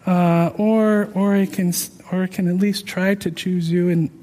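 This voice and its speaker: Man with a very high voice, earnest and self-deprecating testimony, long reverberant hall. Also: level tone, unhurried, warm tone. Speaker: speaker sharing a personal testimony. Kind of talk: personal testimony storytelling.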